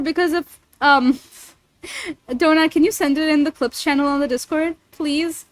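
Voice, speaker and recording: A woman's voice: high voice, steady tone, normal speed, dry recording, poor audio. A young woman voice actor chatting casually with viewers on a livestream, giggly, slangy and given to swearing. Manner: giggly, slangy and profane, reacting to chat.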